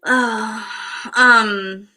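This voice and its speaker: A woman giving a casual spirit reading as a medium, halting and full of fillers, frank and breaking into laughs. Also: on the high side, steady tone, bright, forceful tone. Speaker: psychic medium.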